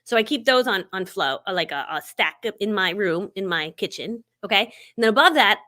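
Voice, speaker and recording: A woman's voice: medium pitch, lively intonation, fairly quick, bright, forceful tone. A middle-aged woman hosting a live stream, telling stories in a chatty way, laughing often and acting out what people said. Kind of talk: casual chatty storytelling.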